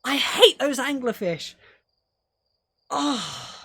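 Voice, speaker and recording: A woman's voice: high-pitched, sing-song, drawn-out words, pushed and bright, husky. A young woman streaming a video game live, talking to herself as she plays and swearing freely. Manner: swears freely, talks to herself while playing. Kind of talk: live gameplay commentary.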